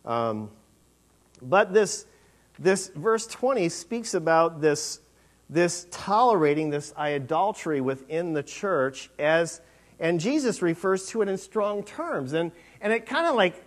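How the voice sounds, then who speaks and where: A man's voice: a little high, expressive, slow. A man preaching a sermon in a conversational, rambling way, with many fillers and restarts.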